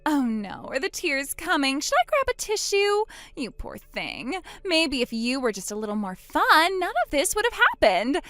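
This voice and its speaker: A woman's voice: sits high, wildly swooping pitch, normal speed, hardly any pauses, fairly bright tone, no room sound, soft background music, exaggerated voice. A woman voicing a boastful, spiteful young woman who mocks her sister in a text-story drama. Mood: gloating. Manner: smug, mocking, gloating.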